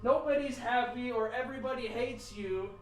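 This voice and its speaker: A young man with a very high-pitched voice rants about a game, rambling and self-mocking. He paces around his room, so his voice drifts closer to and farther from the mic. The room gives it a noticeable echo. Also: moderate pace, slight background noise. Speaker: gaming YouTuber. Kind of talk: ranting gameplay commentary. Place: home room at his computer. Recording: echoey room, varying distance from the mic.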